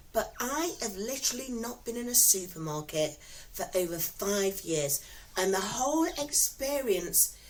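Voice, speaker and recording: A mid-range female voice with a Nottingham English accent comes through on a rough recording. The English vlogger casually tells her viewers stories from home, warm and giggly, rambling and saying things more than once.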